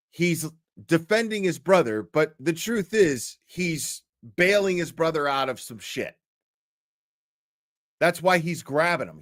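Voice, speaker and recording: A man's voice: on the high side, fairly bright tone, dry recording. Brief: male stream commentator, crude, blunt, swears a lot, dry close sound. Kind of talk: profane casual commentary over video clips.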